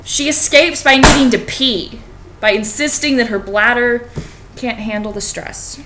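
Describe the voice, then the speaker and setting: A woman's voice: fairly high pitch, a little slow, very noisy. A young woman, a college student, casually reading a fairy tale aloud with sarcastic, profane asides. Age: young adult.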